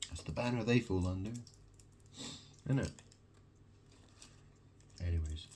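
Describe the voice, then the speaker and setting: A man's voice: low voice, a little slow, darkish tone, a little hiss or hum. A man delivering a rambling, agitated monologue to camera, preaching and repeating questions at the listener. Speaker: video monologue host.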